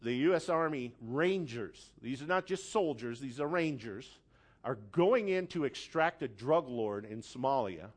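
A man preaching a sermon, telling a story dramatically and building from quiet, hushed lines to loud, forceful appeals. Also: mid-range voice, expressive, measured pace.

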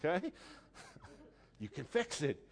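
A man preaching a sermon with animated delivery, acting out voices with sudden high squeals. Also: slow, vocal fry, slightly rough. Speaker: pastor.

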